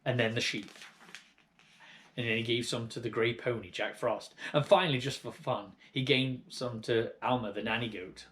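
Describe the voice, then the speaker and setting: A man reading a children's storybook aloud with lively, expressive narration. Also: mid-range voice, normal speed. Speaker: audiobook reader.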